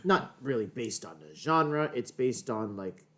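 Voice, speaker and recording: A man's voice: medium pitch, big pitch swings, measured pace, fairly bright tone. A man co-hosting a live stream, chatting casually in a rambling, hesitant way with lots of fillers while getting over being unwell. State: recovering, coughing. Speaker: stream co-host. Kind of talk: casual chat.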